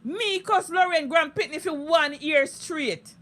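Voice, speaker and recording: Jamaican woman with a high, piercing voice, ranting live in thick Patois, heated and foul-mouthed. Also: a little slow, fairly bright tone. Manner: heated, profane, repetitive ranting. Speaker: social media live streamer. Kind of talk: unscripted live-stream rant.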